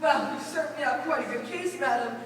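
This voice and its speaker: A woman's voice: high voice, a little fast, natural voice. A young woman acting an exasperated, patronizing male bank manager in a stage play, with stiff, curt delivery. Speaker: student actor. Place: school auditorium stage. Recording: echoey hall, distant mic, hiss.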